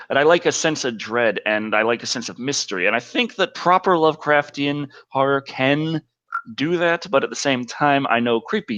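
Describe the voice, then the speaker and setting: A man's voice: mid-range voice, fairly bright tone. Guy rambling on a live stream, laughs a lot, kinda dull lo-fi sound. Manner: rambling, laughs often, trails off. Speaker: show host. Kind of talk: casual live-stream chat. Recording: slightly dull lo-fi audio.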